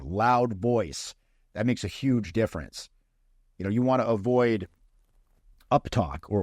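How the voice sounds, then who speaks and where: A man's voice: fairly low pitch, no echo, studio quality. A man coaching on social skills in a conversational teaching talk, often checking in with "right?" as he explains. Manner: conversational, often adds "right?" tag questions. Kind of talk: instructional talk to camera.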